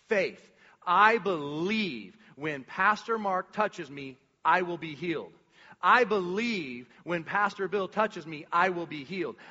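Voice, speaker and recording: Man, pastor, casual animated sermon, high voice, dull sound. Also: in a large hall. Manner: casual, animated preaching with slang and restarts.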